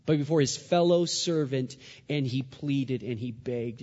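A man preaching a sermon, dramatic, dropping to a hush and then rising loud. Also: medium pitch, unhurried, big-room sound, muffled recording. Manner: dramatic, swings from hushed to loud.

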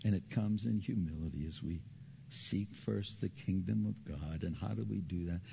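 Earnest gravelly-voiced male pastor preaching. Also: moderate pace. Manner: earnest storytelling, repeats phrases, rises in pitch when animated. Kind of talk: sermon. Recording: slightly dull recording with faint background noise.

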